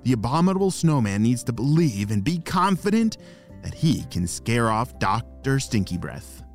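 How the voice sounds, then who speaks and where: A man hosting a children's podcast, narrating bedtime stories in an upbeat, animated way. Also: mid-range voice, moderate pace, soft background music. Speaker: children's podcast host and storyteller.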